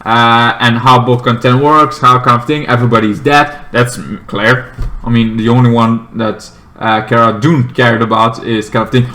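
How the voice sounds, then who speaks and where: A man reviewing a TV episode in a casual, rambling way, full of fillers and restarts, sometimes bursting into loud acted-out lines from the characters. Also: medium pitch, steady tone, normal speed. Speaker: TV show reviewer.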